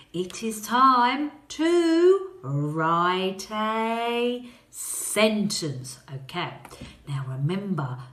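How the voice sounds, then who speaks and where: Woman, phonics teacher, lively sing-song pitch, roomy echo, coaxing young children.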